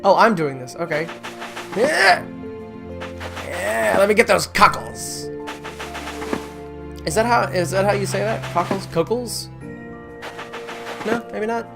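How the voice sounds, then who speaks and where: A gaming creator playing a story game, reading its text aloud with stumbles and self-corrections and breaking into excited squeals. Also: medium pitch, moderate pace, pauses often. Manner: chatty, trips over words while reading and corrects itself; swings to excited squeals when delighted. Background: game music.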